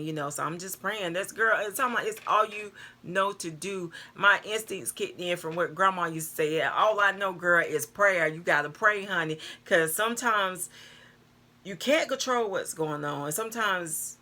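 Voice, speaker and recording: An older woman, telling a personal story to her viewers in a chatty, animated way, calling them girl and y'all. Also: lowish voice. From North Carolina, US. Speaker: vlogger. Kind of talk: casual storytelling to camera.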